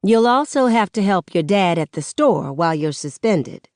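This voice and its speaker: A woman voicing a loving middle-aged mother who speaks in a measured, no-nonsense way. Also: medium pitch, animated, a little mellow, dry recording, clean studio sound, close to an everyday voice.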